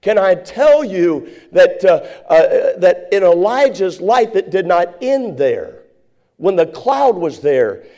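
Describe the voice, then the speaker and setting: A man preaching a sermon as pastor, building to shouted, repeated emphasis. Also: high-pitched, very animated, slow.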